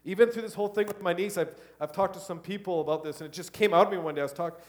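Man preaching, loud one moment, hushed the next. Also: sits high, rapid-fire. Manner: animated preaching, swinging from loud exhortation to hushed quoting. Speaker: pastor. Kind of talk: sermon.

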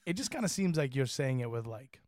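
A man's voice: medium pitch, very animated, brisk, a little mellow, no room sound. California guy on a chatty podcast, acts out little scenes, swears a lot, dead dry mic. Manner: acts out imagined dialogue, swears, laughs often. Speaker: podcast co-host. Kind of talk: casual chat.

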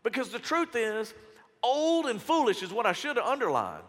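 A man's voice: very high-pitched, huge pitch swings, normal speed, fairly bright tone. A man in his fifties preaching a sermon in a conversational, direct way, acting out little quotes. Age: 50s. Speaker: pastor. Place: church hall. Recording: echoey church hall.

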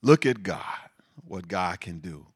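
A man preaching a sermon, reading scripture and breaking into animated, laughing asides with repeated words for emphasis. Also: low-pitched, unhurried, husky.

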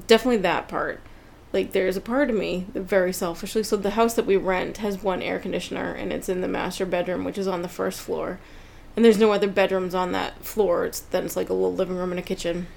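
A woman's voice: medium pitch, vocal fry, darkish tone. A woman guesting on a casual podcast chat, talking chattily and laughing through her sentences.

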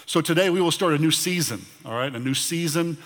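A middle-aged pastor with a fairly high voice gives church announcements at a brisk pace, chatty and full of fillers and restarts. He's in a large church auditorium, and a long hall reverb trails his words.

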